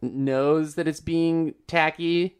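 A man's voice: fairly high pitch, fairly even intonation, smooth. Profane joking man in casual chat. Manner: profane, joking, does quick voice impressions.

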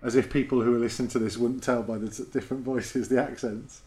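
A man's voice: medium pitch, little pitch movement, fast talker, a little mellow, a little hiss or hum. Joking man hosting a podcast. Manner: chatty, joking, self-mocking. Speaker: podcast host. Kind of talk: casual podcast chat.

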